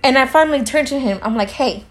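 A woman with a high voice talks fast as a podcast co-host, telling a story in casual chat. She acts out both sides of the conversation, swears freely, and drops Spanish phrases into her talk.

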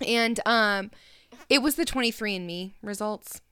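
A chatty young woman co-hosting a relaxed conversation, often sliding into quiet asides. Her voice is bright and sharp, and the sound is dry and close. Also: mid-range voice, unhurried, clean tone, no room sound. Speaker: podcast co-host. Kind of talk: casual chat.

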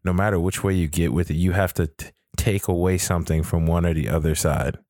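Deep-voiced man in blunt casual talk. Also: steady tone, a little fast, darkish tone, no echo, clean studio sound. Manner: blunt, searches for words, thinks aloud. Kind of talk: casual chat.

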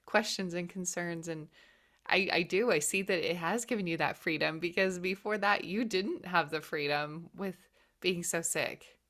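A woman's voice: lowish voice, moderate pace, fairly bright tone. Effusive, emotional woman host. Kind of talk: interview host responding.

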